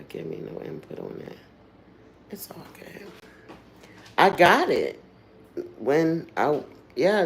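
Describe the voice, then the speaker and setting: A woman hosting a livestream, telling stories in a candid, earthy way with frequent swearing and trailing asides. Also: low-pitched. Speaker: livestream host. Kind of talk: casual storytelling chat.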